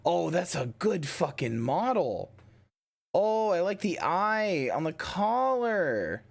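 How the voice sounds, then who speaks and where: A man's voice: high voice, sing-song, slow, vocal fry. A tired man streaming a game late at night, talking casually in a rambling, playful way with lots of restarts. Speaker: livestreamer. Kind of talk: casual gameplay commentary.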